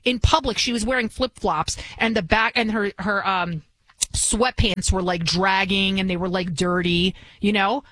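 A woman's voice: mid-range voice, steady tone, normal speed, a bit bright, dry recording, poor audio. A woman in her forties, hosting a radio talk show with an indignant, ranting monologue. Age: 40s.

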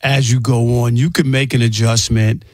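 A man co-hosting a sports talk show, cutting in with jokes and speaking in halting restarts. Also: medium pitch, level tone, no room sound, studio quality. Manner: joking interjections, halting restarts. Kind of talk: casual sports debate.

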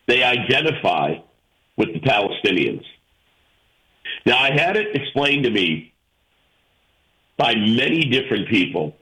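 A male talk radio host speaking into a studio mic, slow and deliberate, with a lowish voice. His delivery is bright and forceful. He argues hard, leans on emphasis and keeps throwing rhetorical questions at his listeners. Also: low-quality recording. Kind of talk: call-in radio opinion talk.

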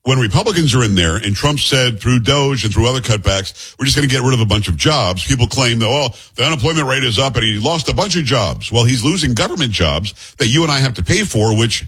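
A man's voice: medium pitch, lively intonation, fairly quick, few pauses, fairly bright tone, husky. A man with a New York accent hosting political commentary, blunt and sarcastic. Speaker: host commentator.

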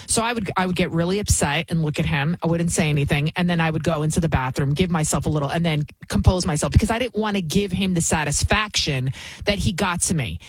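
Middle-aged female talk host, husky, dry close sound, emphatic, indignant. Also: fairly low pitch, fast talker, no room sound, poor audio. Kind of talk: opinionated commentary.

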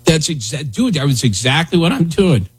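This radio host's voice is a little high, husky and sing-song, moving at normal speed. He chats loosely in casual talk-radio banter, rambling and tossing in plenty of "dude" and "man."

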